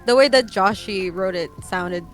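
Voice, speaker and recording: A woman's voice: mid-range voice, moderate pace. Chatty woman streamer, faint music. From Philippines, raised in Canada from age twelve. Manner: chatty, rambling storyteller who laughs often. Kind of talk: casual stream chat.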